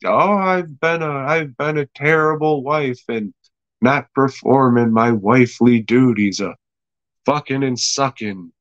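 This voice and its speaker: A man's voice: mid-range voice, measured pace, no echo, highs cut off, close to an everyday voice. A man voicing a fretful young wife confessing to a priest, in a put-on mock Irish accent.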